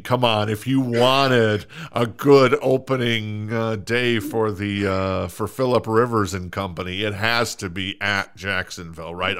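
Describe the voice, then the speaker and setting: A man's voice: fairly low pitch, fairly bright tone, clean tone. A man with a Minnesota accent hosting a casual sports podcast, talking with many fillers and restarts. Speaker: podcast host.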